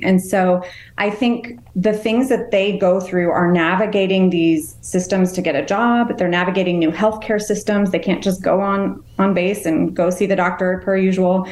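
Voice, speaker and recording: A woman's voice: lowish voice, a little mellow, roomy sound. A woman guest on a podcast interview, a veteran's wife and caregiver, speaking earnestly and from the heart. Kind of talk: conversational interview.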